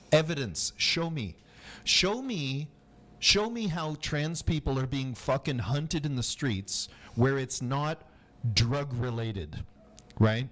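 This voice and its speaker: A man rants his way through a casual live-stream debate, swearing freely and mocking the voices of others. His pitch swings up and down with animated energy. He holds the floor with forceful, rapid-fire delivery. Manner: profane, ranting, mocking voices.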